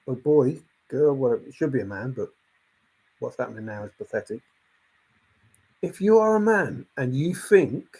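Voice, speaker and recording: A man's voice, slightly higher than most and a little husky, carries a casual opinion rant. He sounds exasperated and animated, circling back to the same points again and again. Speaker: channel host.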